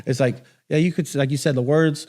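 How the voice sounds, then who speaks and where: Brief: male co-host, slightly high voice, lively laughing storyteller. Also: fairly quick. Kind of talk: casual podcast chat.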